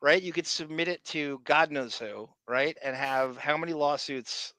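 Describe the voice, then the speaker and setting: A man with a Philadelphia accent hosts a podcast, riffing sarcastically as he comments on clips. His voice is bright and forceful. It sounds close and dry. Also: a little high, a little slow, dry recording, rough recording. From Philadelphia area. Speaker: podcast host. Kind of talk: casual commentary on show clips.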